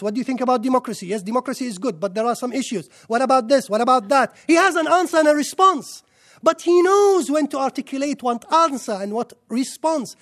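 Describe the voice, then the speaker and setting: A man preaching a sermon, impassioned and full of rhetorical questions, his voice rising in bursts. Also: very high voice. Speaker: Islamic preacher.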